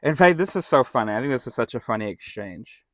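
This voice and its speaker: Man, mid-pitched, casual bible study host, jokey and self-correcting, dry close recording. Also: expressive, quick pace, a bit bright, dry recording. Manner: irreverent, joking, self-correcting, laughs often. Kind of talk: casual scripture commentary.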